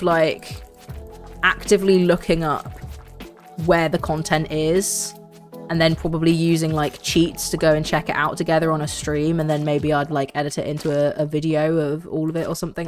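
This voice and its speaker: A woman's voice: low voice, level tone, normal speed, soft background music. A young woman, streaming a game and chatting casually in a rambling way, full of fillers. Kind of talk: casual gaming stream chat.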